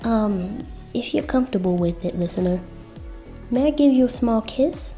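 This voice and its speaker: A sweet, affectionate young witch woman, put on by a woman narrator speaks softly and gigglingly. Her tone is mellow and warm. Soft music plays faintly behind. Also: on the high side, animated, moderate pace, voice pushed up, lightly acted.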